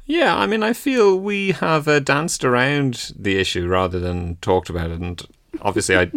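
A man on a comedy podcast speaking in a dry, deadpan, hesitant way over a remote call. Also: mid-range voice, normal speed. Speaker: podcast co-host. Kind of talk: casual comedic chat.

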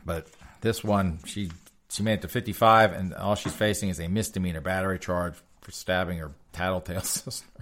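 A podcast host reads strange crime stories aloud as comedic news commentary, mocking them in a folksy, sarcastic manner and laughing often. His low voice is steady in tone, slightly bright, and a bit fast.

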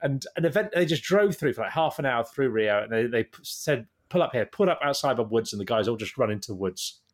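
A man's voice: mid-range voice, quick pace. A man chatting as a guest in an interview, in a middling voice. He tells long rambling anecdotes and livens up at the punchlines. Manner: rambling anecdotal, animated when telling stories. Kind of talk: casual storytelling interview.

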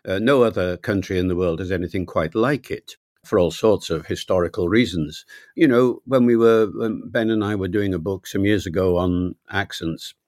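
An older man from Wales, a linguist guest in an interview, telling anecdotes in a reflective, measured way. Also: low voice, dry recording, studio quality. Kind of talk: relaxed interview storytelling.

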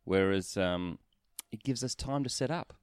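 A man's voice: fairly low pitch, measured pace, clean tone, dry recording. A man, co-hosting a casual football podcast, analytical and stat-driven with dry humour. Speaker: podcast co-host. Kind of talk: casual sports chat.

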